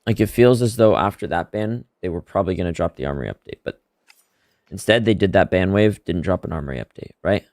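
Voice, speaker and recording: A man streaming a shooter game live, chatting casually about updates and reacting loudly to the play. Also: deep voice, fast, no room sound, studio quality. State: hiccuping. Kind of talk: casual live-stream commentary while gaming.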